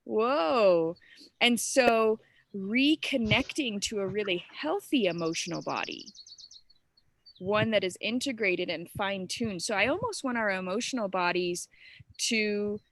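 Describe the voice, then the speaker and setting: A woman's voice: mid-range voice, a little slow, fairly bright tone, no echo. A woman leading a live group coaching session, speaking earnestly and casually to participants, with plenty of fillers and direct questions. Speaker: spiritual transformation coach.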